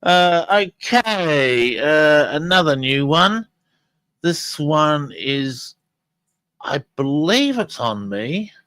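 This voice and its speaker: A man's voice: fairly high pitch, big pitch swings, extremely slow, sharp tone, clear, resonant tone, no echo, rough recording. A man hosting a live podcast, talking casually and rambling with many fillers and restarts. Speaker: podcast host.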